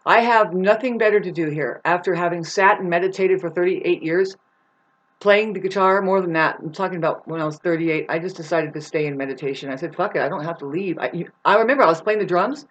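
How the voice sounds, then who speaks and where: A woman talking straight to camera in a rambling, profane monologue, restless and jumping between thoughts with sudden loud outbursts. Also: fairly low pitch, brisk, muffled recording. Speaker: vlogger. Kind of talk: rambling stream-of-consciousness monologue.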